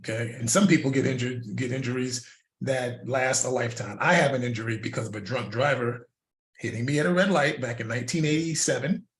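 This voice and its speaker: An older man, a fitness coach, giving a casual lesson and telling stories in a lively way, with laughs and repeated words. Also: mid-range voice. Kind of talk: casual instructional talk. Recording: roomy echo.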